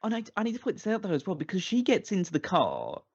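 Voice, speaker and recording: A man's voice: sits high, quick pace, vocal fry, slightly rough, muffled recording. A man co-hosting a casual movie-review podcast, rambling and restarting his sentences. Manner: rambling, restarts a lot, animated. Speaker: podcast co-host.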